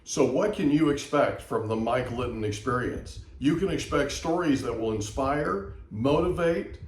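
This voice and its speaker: A man hosts a podcast interview at an even, middle pitch. He encourages his guest with short, friendly replies, and his voice rings in a roomy, echoey space. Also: a little slow, slight background noise. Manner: brief encouraging responses. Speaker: podcast host. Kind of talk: casual interview. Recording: echoey room.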